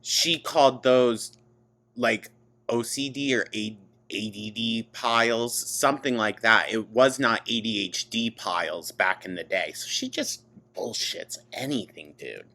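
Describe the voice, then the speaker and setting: A man co-hosting a commentary show, chiming in with blunt, animated asides and the odd swear word. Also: fairly low pitch, unhurried. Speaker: co-host. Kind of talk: casual chat.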